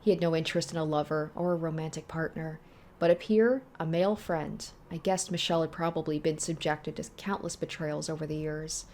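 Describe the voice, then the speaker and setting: A woman's voice: low voice, fairly even intonation, a little fast, a little mellow, a little hiss or hum, lightly acted. A woman reading aloud the lines of a bitter, dying young man in a visual novel.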